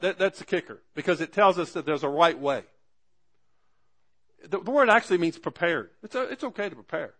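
Casting note: man in his 40s, pastor, fairly high voice, folksy sermon storyteller. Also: animated, brisk, a bit bright. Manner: folksy storytelling with frequent restarts and call-and-response "amen".

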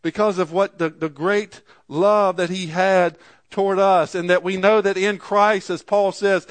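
A man's voice: high-pitched, fairly even intonation, unhurried. A middle-aged male pastor preaching a sermon, telling a story in an earnest way and rising to fervent preaching.

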